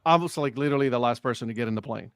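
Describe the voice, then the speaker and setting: A man on a casual sports talk stream, telling an animated story and acting out the dialogue. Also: medium pitch, rapid-fire, smooth, no room sound. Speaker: co-host. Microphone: live stream remote mic.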